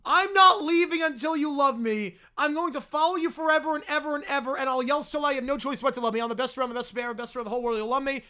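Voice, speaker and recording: A man voicing a whiny, obsessive male bear who yells and pleads over and over. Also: very high-pitched. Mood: demanding. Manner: whining, yelling, drawn-out pleading.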